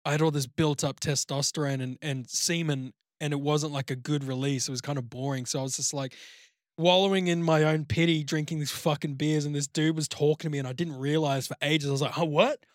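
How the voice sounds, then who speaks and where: A man's voice: a little high, steady tone, a little fast, no echo, clean studio sound. A man with an Australian accent, co-hosting a podcast and telling a long, crude story full of swearing and "like". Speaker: podcast co-host. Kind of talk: casual chat, rambling anecdote.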